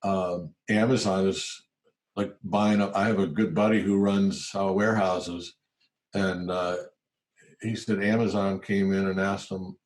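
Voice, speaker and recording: A man in his sixties with a fairly low voice talks casually in an interview. He tells stories from his years as an executive and acts out the voices of the people in them. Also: a little slow. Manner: animated storyteller who acts out quoted voices. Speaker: guest, former tech CEO.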